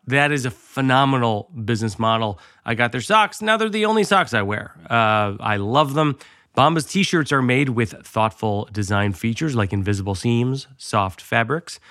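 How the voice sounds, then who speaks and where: A man's voice: medium pitch, bright, forceful tone, dry recording, clean studio sound. A man hosting a podcast, chatting casually and reading ads in a playful, jokey way. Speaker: podcast host. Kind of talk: casual chat and host-read ads.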